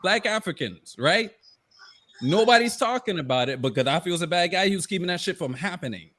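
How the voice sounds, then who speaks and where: Guy on a podcast going off, cursing a lot, voice a bit high. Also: expressive, fairly quick, sharp tone, no echo. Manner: heated ranting, heavy swearing. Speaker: podcast co-host. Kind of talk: casual podcast chat.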